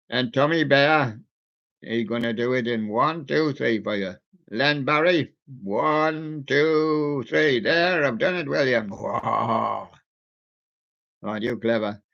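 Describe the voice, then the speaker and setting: A man hosting a casual radio show, chatting playfully with the soft toys in his studio. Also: medium pitch, gravelly. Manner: chatty, playful, talks to soft toys and does their voices. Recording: dull lo-fi sound.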